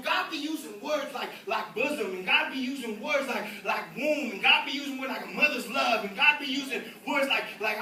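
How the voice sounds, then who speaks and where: A man evangelist preaching a sermon in an animated, repetitive style, mixing in comic stories. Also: extremely high pitch. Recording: echoey hall, distant mic, congregation.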